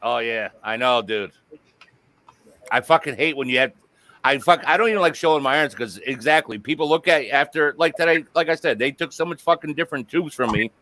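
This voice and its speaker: A man's voice: mid-range voice, brisk, pushed and bright. A man hosting a casual live-stream chat, joking crudely and swearing freely. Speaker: host.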